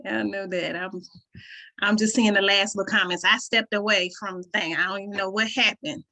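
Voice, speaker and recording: A woman's voice: mid-range voice, steady tone, a little fast, pushed and bright. A woman with a Southern country twang, hosting a community call and talking casually to the group, often checking in with "right?". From rural southern United States. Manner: conversational, frequent "right?" check-ins, occasional laughs. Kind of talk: casual talk to an online group.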